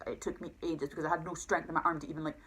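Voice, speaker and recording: A woman's voice: low voice, flat delivery, racing, breathy edge, poor audio. A young woman, talking to camera in a rambling, emotional way with many fillers and restarts. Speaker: vlogger. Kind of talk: casual confessional talk to camera.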